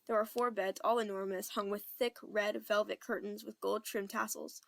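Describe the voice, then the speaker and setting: A young woman narrating an amateur fan audiobook in a steady, plain storytelling voice. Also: medium pitch, moderate pace, vocal fry. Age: young adult.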